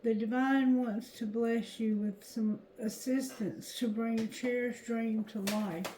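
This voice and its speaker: Casting note: woman tarot reader, higher pitch, mellow tone, slow halting card reading, roomy echo. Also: fairly even intonation, background noise.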